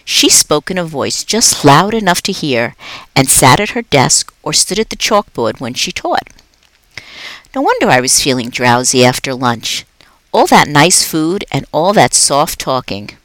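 A woman reads a children's chapter book aloud, her pitch rising and falling in a lively sing-song way. She leans into dramatic pauses, and the close, dry recording has no room sound at all. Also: dry recording, rough recording. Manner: expressive storytelling, dramatic pauses. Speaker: reading specialist.

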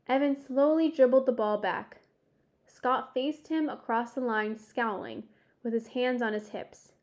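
A woman narrating a children's sports story in a measured, expressive storytelling way. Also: fairly high pitch. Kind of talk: audiobook narration.

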